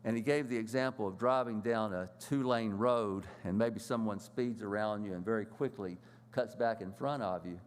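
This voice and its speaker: Low-voiced man teaching a church lesson. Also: big-room sound. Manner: plain, halting, many fillers and restarts.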